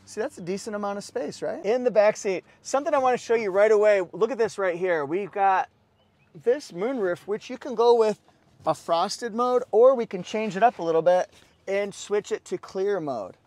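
Walking around a car, a cheerful dealership salesman keeps highlighting features and hyping them in a relaxed, promotional style. His voice sits notably high for a man, a little mellow, at a moderate pace with no room sound.

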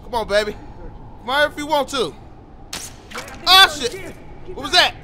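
A man giving live gameplay commentary, loud and excitable, with profane play-by-play reactions. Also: very high voice, measured pace, slight background noise.

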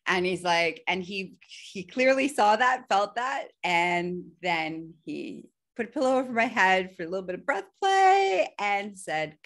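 A woman guest on a podcast telling a candid personal story, animated and laughing often, her voice jumping high when she quotes herself.

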